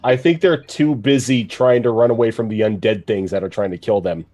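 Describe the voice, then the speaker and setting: A man's voice: fairly low pitch, brisk, darkish tone. A man playing a tabletop game, reasoning through his character's choices aloud. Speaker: player.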